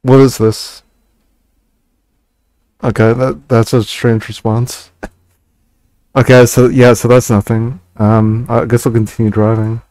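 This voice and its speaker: A man reading a text game aloud and stopping for hesitant, halting asides with fillers and restarts. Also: medium pitch, little pitch movement, darkish tone, dry recording. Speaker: gaming channel host.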